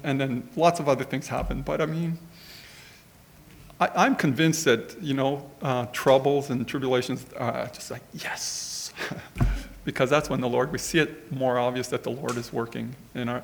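A middle-aged man, gravelly and a touch creaky at the ends of his phrases, preaching through a personal anecdote. He rambles in a conversational way, full of asides, at an ordinary pitch. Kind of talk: storytelling sermon.

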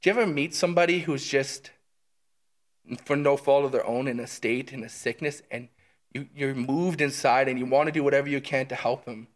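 This Bible teacher has a mid-range voice and talks a little fast. He leads listeners through scripture in an eager, conversational way, often pausing to ask "right?".

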